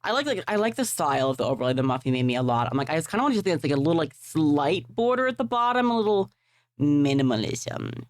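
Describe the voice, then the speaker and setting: A woman's voice: sits low, expressive, very fast, few pauses, dry recording. A woman livestreaming, chatting casually and rambling with offhand swearing while setting up a game. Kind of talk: casual live-stream chat while gaming.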